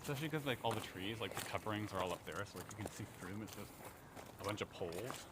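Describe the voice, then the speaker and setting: A man's voice: lowish voice, racing, a little hiss or hum. A man walking a forest trail and chatting casually, explaining the area in a loose, rambling way. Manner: relaxed, rambling, lots of fillers. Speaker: local guide companion. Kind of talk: casual chat while walking.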